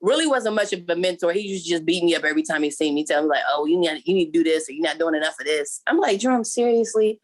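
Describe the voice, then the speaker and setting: A woman's voice: low-pitched, rapid-fire, hardly any pauses. A woman in her thirties, a football player and guest, chatting casually and acting out quotes as she tells stories. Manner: animated storyteller, acts out quotes. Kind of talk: casual interview chat.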